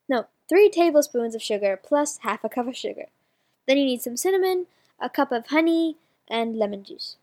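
A woman's voice: high voice, expressive, moderate pace, darkish tone. A woman presenting a magazine, reading submissions and a recipe aloud in a casual way, with fillers and self-corrections.

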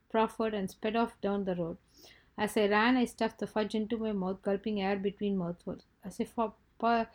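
A woman narrating a first-person children's story in a lively, expressive way. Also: medium pitch. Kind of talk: scripted narration.

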